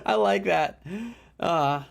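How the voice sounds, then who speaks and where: A man from Minnesota with a Midwestern American accent, co-commentating a disc golf stream in a chatty, quick way that breaks easily into laughter. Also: on the high side, vocal fry. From Minnesota, USA. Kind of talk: casual live-stream commentary.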